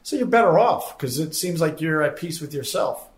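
A man's voice: a little high, expressive, moderate pace. A man hosting a casual chat, joking and teasing as he talks. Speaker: host. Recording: echoey room from far off, background noise.

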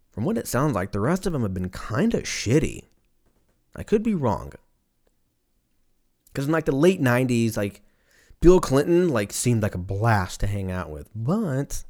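A young man riffs through a rambling comedic monologue, cursing freely and dropping into quick goofy voices for imaginary people. His pitch swings all over the place as he talks. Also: darkish tone. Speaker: podcast host.

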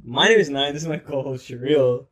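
Husky young man, animated storyteller. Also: mid-range voice, normal speed. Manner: animated, loud storytelling with slang. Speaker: podcast co-host. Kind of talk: casual chat.

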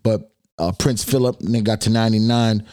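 A man's voice: fairly low pitch, steady tone, fairly quick, a little mellow, no echo, studio quality. A man hosting his own podcast in loose, slangy casual talk, speaking straight to his listeners, his voice slightly worn. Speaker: podcast host.

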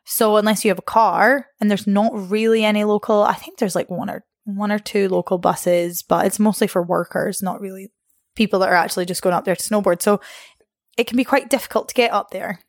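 A young woman tells stories as a guest in a loose, chatty way. She laughs often and her pitch jumps up when she acts out quotes. Her voice sounds dry and close. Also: steady tone, brisk, no echo. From Scotland. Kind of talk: casual storytelling interview.

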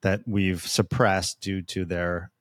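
A man's voice: sits low, flat delivery, slow pace, a bit bright, no echo, studio quality. A man co-hosting a podcast, explaining ideas thoughtfully with frequent restarts. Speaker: podcast co-host. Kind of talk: casual podcast discussion.

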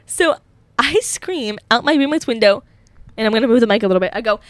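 Casting: young woman, solo podcast host, chatty and giggly, bright high voice, dry close mic. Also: animated, brisk, no room sound. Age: young adult. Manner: rambling, giggly, filler-heavy. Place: college dorm room.

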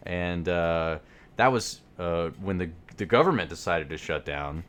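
A man's voice: low voice, lively intonation, a little slow, a bit bright. A man co-hosting a podcast in casual chat, reading ad copy with playful emphasis and laughing often. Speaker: podcast co-host.

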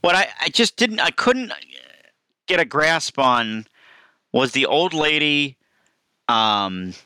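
A man on a podcast casually recounting a movie scene in detail, lively and expressive. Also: on the high side, slow pace, smooth, no echo. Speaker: podcast co-host.

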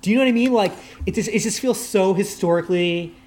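Animated man guest, chatty and quick. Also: sits high. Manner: animated, fast, full of "like" fillers. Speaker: guest, culture writer. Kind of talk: casual podcast chat.

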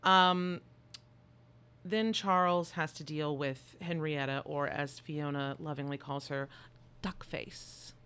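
A woman co-hosting a podcast, recapping a movie in casual chat with an animated, joking, irreverent manner. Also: deep voice, takes it slowly, smooth. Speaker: podcast co-host.

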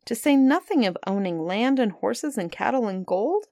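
A woman reading a fairy tale aloud, lively and expressive, giving the characters small voices of their own. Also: on the high side, moderate pace, no room sound, studio quality. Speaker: storyteller. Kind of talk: storybook reading.

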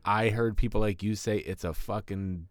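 Low-voiced cussing podcast co-host, man. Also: normal speed, dry recording, clean studio sound. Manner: profane, jokey, animated storytelling. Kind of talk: casual chat.

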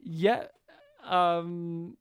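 A man's voice: a little high, level tone, extremely slow, clean tone, dry recording. A man co-hosting a podcast, joking and swearing in casual banter. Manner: joking, swears freely, mock voices. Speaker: podcast co-host.

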